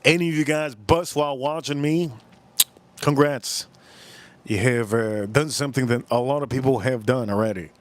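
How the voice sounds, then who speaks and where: A man hosting a whiskey livestream, reading chat comments aloud with crude jokes and rambling asides. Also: normal speed. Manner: animated pitch swings, pitch jumps up when exclaiming. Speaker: livestream host reviewing whiskey.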